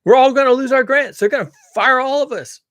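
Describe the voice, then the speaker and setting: A man's voice: very high-pitched, brisk, fairly bright tone, no room sound, studio quality, pitched above the performer's own voice. A man putting on a panicked male boss who pleads with a colleague in a frantic, raised voice.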